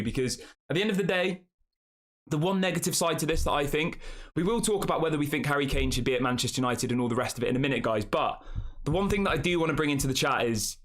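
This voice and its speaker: Speaking at medium pitch with a fairly bright tone, a young football channel host keeps his live stream casual. He chats with viewers directly, calling them "guys."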